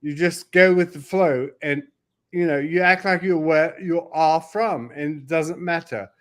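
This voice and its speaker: A man's voice: fairly high pitch, measured pace, a bit bright. Joking man chatting on a livestream. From Texas. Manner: joking, rambling. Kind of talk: casual chat. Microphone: livestream mic.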